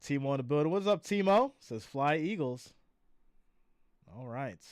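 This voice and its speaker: A tired man hosts a live stream, calling plays and reading viewer comments aloud while chatting and laughing. His fairly high voice is expressive at a moderate pace, with studio-quality sound and no room echo.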